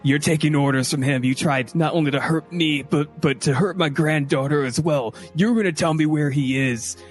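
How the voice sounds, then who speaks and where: A man voicing a furious old grandfather, a retired superhero, who shouts threats. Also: on the high side, moderate pace, faint music behind, pitched above the performer's own voice, natural voice. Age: older.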